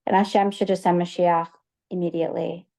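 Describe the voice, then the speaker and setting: Woman, host, soft-spoken, sympathetic, flat delivery, low voice. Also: fairly quick, gravelly. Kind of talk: interview.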